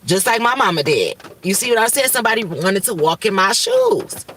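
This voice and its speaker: A woman's voice: fairly high pitch, very animated, a little fast, hardly any pauses, a bit bright, distant mic, slight background noise. A woman from Michigan, hosting a livestream and declaring her spiritual visions in urgent, profane, repetitive bursts. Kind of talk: rambling prophetic livestream talk.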